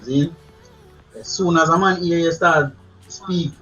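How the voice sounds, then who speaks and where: Jamaican male host, fairly high and bright, chatty with frequent laughs, slightly dull recording with faint music. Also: takes it slowly, long pauses. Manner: chatty, laughs often, repeats words. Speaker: channel host. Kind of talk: casual advice talk to camera.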